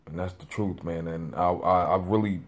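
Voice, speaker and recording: A man's voice: sits low, moderate pace. A man in his late twenties telling a personal testimony in a rambling, restarting way with lots of fillers. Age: 20s. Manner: says he is a loud talker working on voice control. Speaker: vlogger.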